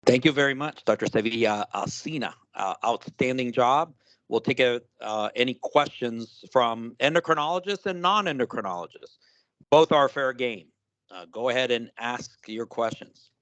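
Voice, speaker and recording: A man's voice: medium pitch, animated, moderate pace, a bit bright, dry recording. A man moderating grand rounds, thanking the speaker and inviting questions in an upbeat, encouraging way. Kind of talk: moderating a talk. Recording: dry, muffled lo-fi audio.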